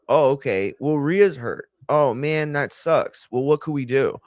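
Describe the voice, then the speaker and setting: A man's voice: medium pitch, animated, a little slow, few pauses, no room sound, studio quality. A man hosting a watch-along stream, chatting casually in a rambling, sarcastic and exasperated way. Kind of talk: casual chat.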